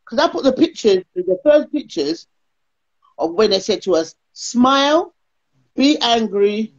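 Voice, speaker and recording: A woman's voice: medium pitch, moderate pace, husky. A woman, telling her story as an interview guest and acting out other people's lines. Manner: animated, acts out others' lines. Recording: lo-fi call audio.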